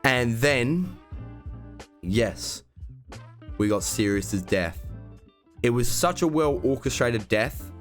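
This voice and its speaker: A young man chatting as an excitable fan, gushing over scenes and drawing out his words at an unhurried pace. His voice sits at an ordinary middle pitch. Faint music plays softly behind him. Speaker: YouTube reaction host ranking films. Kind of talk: casual enthusiastic film review chat.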